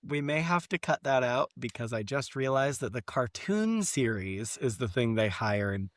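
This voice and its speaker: A woman co-hosting a podcast in casual chat, animated, often clearing her throat and mimicking others. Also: a bass voice. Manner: animated, quick to mimic others in put-on voices. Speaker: podcast co-host.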